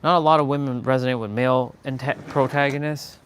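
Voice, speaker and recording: A man hosting a rambling motivational live stream, dropping to low murmurs and then pushing words out slowly and loudly for emphasis. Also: fairly even intonation, a little hiss or hum. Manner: swings from low murmurs to loud, slow, drawn-out emphasis; laughs often, casual and self-aware.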